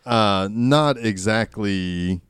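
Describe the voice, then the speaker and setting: A man's voice: fairly low pitch, drawn-out words, fairly bright tone, clear, resonant tone, no echo, clean studio sound. A man co-hosting a casual film podcast. He talks hesitantly, with many fillers and repeated words. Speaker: podcast co-host. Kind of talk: casual horror film discussion.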